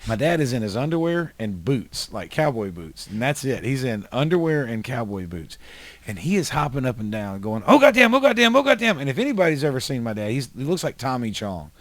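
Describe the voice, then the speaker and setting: Man, podcast host, animated profane storyteller, dry close sound, mid pitch. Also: a little fast, dry recording. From Highland, New York. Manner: animated storyteller, swears freely. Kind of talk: casual chat, storytelling.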